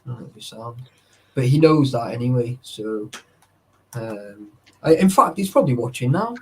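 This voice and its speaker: A man's voice: medium pitch, animated, measured pace, husky. A man in casual chat, swearing freely and peppering his talk with "like" and "right". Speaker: urban explorer.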